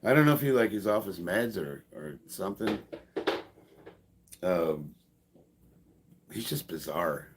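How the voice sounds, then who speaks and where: A man's voice: sits low, expressive, measured pace, pauses often, noisy background. A man in his fifties, a powerlifter chatting casually on a live stream, sarcastic and profane, laughing often. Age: 50s.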